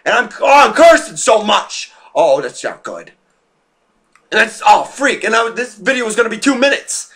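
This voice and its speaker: A man's voice: sits high, sing-song, moderate pace, a bit bright, breathy edge. A teenage boy rambling and ranting to his camera, swearing freely and filling gaps with fillers. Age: teens. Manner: rambling, profane, restless, with frequent fillers. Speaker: vlogger.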